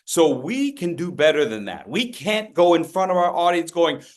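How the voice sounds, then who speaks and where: A man's voice: fairly high pitch, big pitch swings, moderate pace. A man leading an interactive public speaking workshop over a video call, coaching participants by name and acting out gestures with playful voices.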